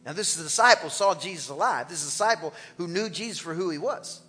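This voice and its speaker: A man preaching an animated, exclamatory sermon as pastor of a church. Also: a little high, fast, long reverb tail, soft background music.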